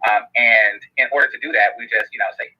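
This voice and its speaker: A man's voice: on the low side, steady tone, fast. A man in a casual discussion, explaining his point at length and repeating "here's the thing.". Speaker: guest on a discussion show. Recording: lo-fi played-back clip.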